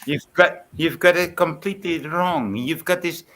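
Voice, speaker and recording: A man from the Netherlands chatting casually on a stream, rambling and joking with big swings in pitch. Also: normal speed, fairly bright tone, faint music behind. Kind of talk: casual chat.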